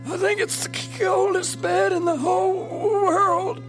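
Drover, a whiny little ranch dog. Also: male voice, level tone, a little slow, gravelly, fairly bright tone, soft background music, full character voice. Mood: shivering. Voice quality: high quavering voice. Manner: stammering from cold. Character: timid small male ranch dog, whiny.

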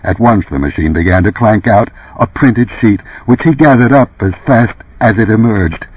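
Husky man narrating an audiobook. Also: fairly low pitch, normal speed, dry recording. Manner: expressive, varied delivery. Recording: tinny phone-like lo-fi sound.

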